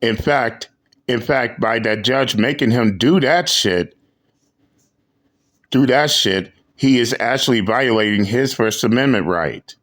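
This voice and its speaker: A man's voice: mid-range voice, a little slow, a bit bright. A man hosting a reaction show, commenting bluntly with frequent swearing and repeated phrases. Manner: blunt, profane, repeats himself. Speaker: show host reacting to clips.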